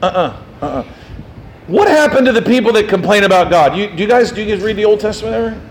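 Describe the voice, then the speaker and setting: High-voiced man preaching emphatically. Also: racing, slight background noise, rough recording. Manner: emphatic, folksy, self-deprecating asides. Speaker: pastor. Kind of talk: sermon.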